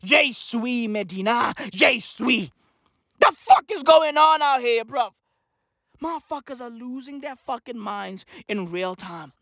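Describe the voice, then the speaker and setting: A comedian delivering a manic, profane rant that swings between shouting and muttering. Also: mid-range voice, expressive, measured pace, gravelly, no echo, clean studio sound.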